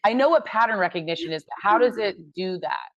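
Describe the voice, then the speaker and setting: A woman co-hosting a casual podcast chat who tells stories in an animated way, with quick asides. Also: medium pitch, no room sound, muffled recording. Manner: animated storyteller, quick asides, laughs often. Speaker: podcast co-host.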